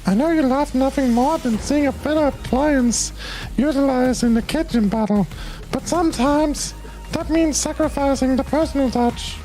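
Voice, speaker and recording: A man's voice: extremely high pitch, normal speed, warm tone, faint music behind, pitched above the performer's own voice, rough recording. A man voicing a bossy kitchen robot that lectures in a clipped way, in a game stream. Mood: lecturing.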